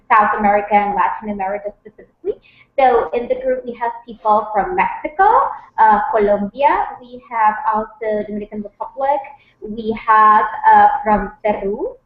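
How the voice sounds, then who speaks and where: Eager woman on a roomy, lo-fi call. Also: medium pitch. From Puerto Rico. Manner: eager, with many fillers and restarts. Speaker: physician guest. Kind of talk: casual video-call chat. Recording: roomy, dull lo-fi audio.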